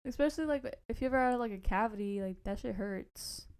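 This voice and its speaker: A woman's voice: on the high side, fairly quick, darkish tone, clear, resonant tone. A young woman co-hosting a podcast, chatting in a laid-back way with casual slang. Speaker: podcast co-host. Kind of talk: casual chat.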